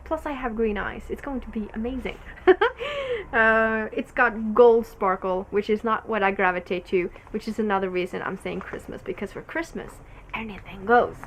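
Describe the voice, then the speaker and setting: A woman's voice: medium pitch, normal speed, a little hiss or hum. A young woman from Norway, hosting a casual knitting podcast in a rambling, giggly way, full of fillers. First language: Norwegian. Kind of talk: casual solo podcast chat.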